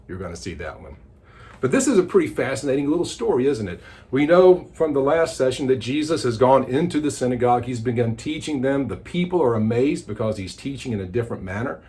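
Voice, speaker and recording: A man teaching a daily devotional Bible study, retelling the story with animated, dramatic storytelling. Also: mid-range voice.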